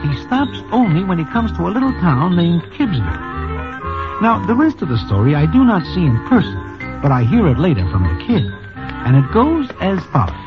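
Wry, animated man narrating a radio tale. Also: sits high, normal speed. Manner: wry storyteller in present tense with old slang. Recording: dull old radio broadcast. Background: music.

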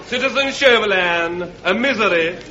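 A man's voice: very high voice, big pitch swings, slow, echoey room, over a noisy crowd, heavy background noise, heavily acted. An actor playing a stiff footman who formally announces guests at a ball. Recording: muffled old broadcast, distant, audience laughter.

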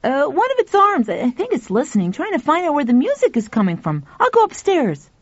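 Woman doing an eager boy, high voice, excited, dull dry recording. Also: a little fast, dry recording.

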